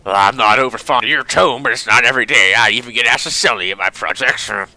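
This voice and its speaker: A gruff old tinkerer with a thick German accent haggles in a folksy, well-meaning way, as a man puts him on. The voice has a bright, forceful edge. It is recorded close and dry, with no room sound. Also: mid-range voice, fast talker, dry recording, rough recording. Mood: gruff haggling. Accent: put-on German.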